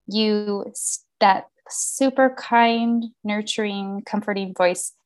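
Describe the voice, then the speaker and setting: A young adult woman hosting a casual conversation, responding warmly and affirmingly to her guest, then talking about her own experience. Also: mid-range voice. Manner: affirming, supportive listener.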